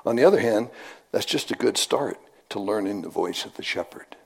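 A man's voice: on the low side, animated, moderate pace, creaky, husky. A middle-aged man preaching a sermon in a folksy, conversational storytelling manner, often repeating his phrases.

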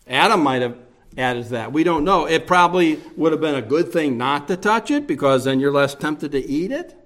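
A man preaching a verse-by-verse sermon, explaining the text slowly with emphatic repetition and rhetorical questions. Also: fairly high pitch, expressive, fairly bright tone. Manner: slow, deliberate teaching with emphatic repetition. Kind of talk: expository sermon.

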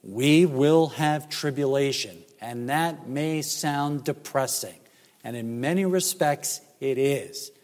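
A man preaching a sermon as pastor, emphatic and measured, with rhetorical questions. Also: medium pitch, a little mellow. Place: church sanctuary. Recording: church hall reverb.

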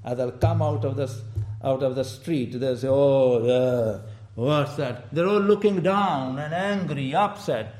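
Male preacher, high-pitched, animated and laughing through his sermon, recorded in a roomy church. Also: normal speed. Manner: animated, laughing often, quoting people in raised voice. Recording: echoey church room.

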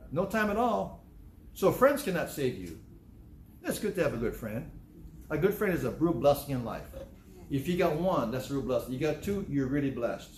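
A man preaches a sermon with a somewhat raised pitch, driving points home by repeating them and acting out the voices he quotes. His voice carries through a roomy, echoing church. A faint ambient hum sits underneath. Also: sing-song, normal speed, a little mellow. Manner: repeats phrases for emphasis, acts out quoted voices. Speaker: pastor. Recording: echoey room, faint ambience.

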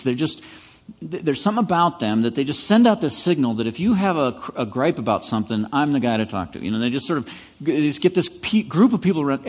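A man preaching a sermon as pastor, conversational and animated, pushing hard to make his points. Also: medium pitch, in a large hall, lo-fi sound.

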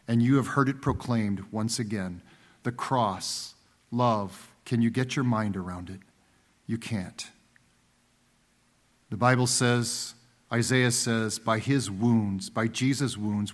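A man preaching a sermon, slow and emphatic, with dramatic pauses and swings between loud and hushed delivery. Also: medium pitch. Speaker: pastor.

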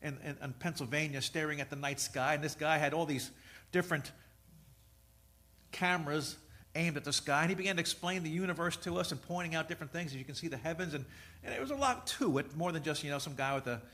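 A middle-aged man preaching a sermon, telling stories and swinging between loud emphasis and soft asides. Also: a little high, a little fast. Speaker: pastor.

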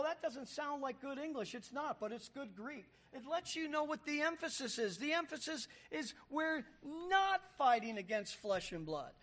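A man's voice: very high voice, a bit bright. A man preaching a sermon, explaining Greek words as he reads and stressing key words. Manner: emphatic, explains Greek word by word. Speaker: pastor.

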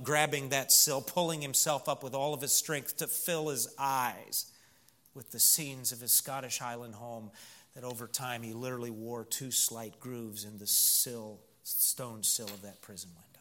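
A man with a Southern US accent preaching a sermon, earnest, moving from loud emphasis to hushed storytelling. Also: mid-range voice. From Missouri.

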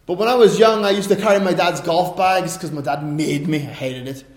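A man preaching a sermon in a conversational way, swinging between quiet asides and loud, emphatic stresses. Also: fairly high pitch, a little fast. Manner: conversational, tells personal anecdotes. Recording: roomy echo.

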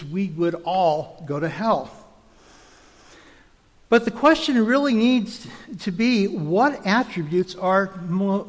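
A man preaching a teaching sermon, measured and explanatory, now and then restarting a word. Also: high-pitched, long reverb tail.

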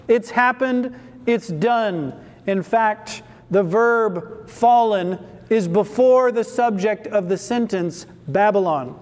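A man's voice: high voice, animated, slow pace, darkish tone. A man preaching an expository sermon, who asks rhetorical questions and answers them himself with emphatic repetition. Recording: long hall reverb.

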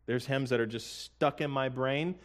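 A man preaching a sermon in an earnest, conversational way, with joking asides and slowly sung hymn lines. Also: mid-range voice. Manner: sings hymn lyrics slowly. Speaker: pastor.

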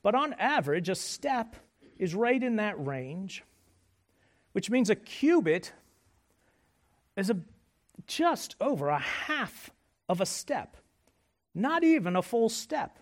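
A male pastor delivering a sermon in an animated, conversational way. His voice sits high and moves through a wide, expressive range. He mixes humor with quiet, hushed moments. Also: slow pace, long pauses. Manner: animated preaching with jokes, dropping to soft hushed phrases.

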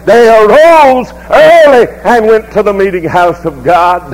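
A middle-aged man, a pastor preaching a sermon that rises into loud, fervent passages. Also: sits high, measured pace, rough recording.

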